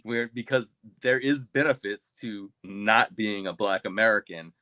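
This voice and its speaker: A man's voice: on the low side, unhurried, pushed and bright, dry recording. Guy on a talk panel, lots of restarts, dry mic. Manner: hesitant, restarts often, then argues firmly. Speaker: panel guest. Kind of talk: casual panel discussion.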